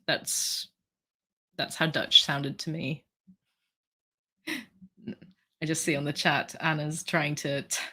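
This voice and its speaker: A woman's voice: low voice, pushed and bright. A woman in her thirties hosting a casual livestream, hesitant, with many ums and restarts as she reads out the chat. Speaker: livestream host.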